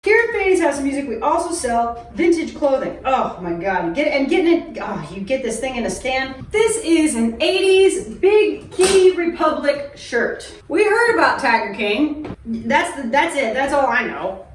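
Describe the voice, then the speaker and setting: A woman's voice: sits high, distant mic. A woman in her thirties hosting a casual product demo in a music shop, joking and poking fun at herself. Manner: joking, self-deprecating. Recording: roomy shop, voice away from mic. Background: guitar playing.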